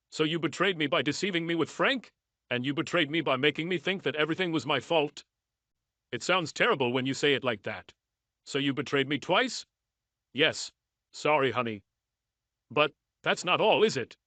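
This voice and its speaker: A man narrating a first-person story in a measured, even reading style. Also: on the high side, no room sound.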